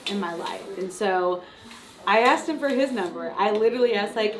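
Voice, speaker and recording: Woman, bride, giggly and candid, echoey room, clear background noise. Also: medium pitch, expressive, normal speed. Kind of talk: interview to camera.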